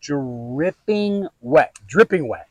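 A young man telling a story in casual chat while fishing outdoors, animated and swearing freely. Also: fairly high pitch, takes it slowly, no echo, rough recording. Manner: animated, swearing, mimics others in quotes. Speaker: podcast co-host.

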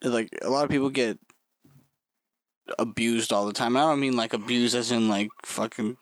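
A man's voice: medium pitch, steady tone, moderate pace, dry recording. A young man hosting a podcast in casual chat, laid-back and slangy, full of "like" and "bro". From Southern California. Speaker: podcast host.

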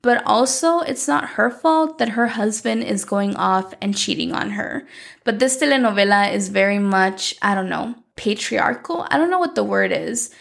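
A woman's voice: mid-range voice, expressive, normal speed, gravelly. A woman recapping a telenovela in a chatty, opinionated way, full of "like". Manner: chatty, opinionated, uses "like" a lot. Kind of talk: casual recap.

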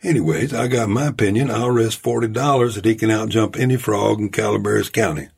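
A man's voice: fairly low pitch, fairly even intonation, brisk, vocal fry, breathy edge. A man voicing a wily frontier gambler, talking in an easy, careless drawl. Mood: easygoing.

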